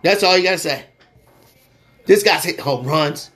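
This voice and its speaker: A man hosting a sports podcast in a casual, slangy way, getting loud and excited when he rants. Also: on the high side, normal speed, long pauses, slightly rough.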